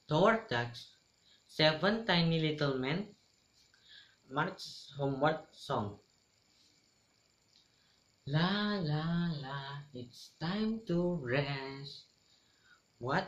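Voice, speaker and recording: Slow Indonesian-accented teenage boy narrating. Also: mid-range voice, a bit bright. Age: teens. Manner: slow, careful reading with grammar slips. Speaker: student storyteller. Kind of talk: school storytelling practice. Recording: roomy, dull lo-fi with faint noise.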